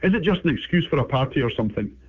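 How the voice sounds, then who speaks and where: A man's voice: medium pitch, expressive, racing, husky, no echo. A text-to-speech man's voice playing a chatty, cheeky bulldog with a British accent, heard through a phone line.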